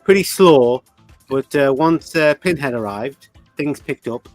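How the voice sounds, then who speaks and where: A man's voice: mid-range voice, measured pace, no room sound, soft background music. A man, co-hosting a casual chat, effusive and thankful, calling his friend man and mate. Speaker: podcast co-host.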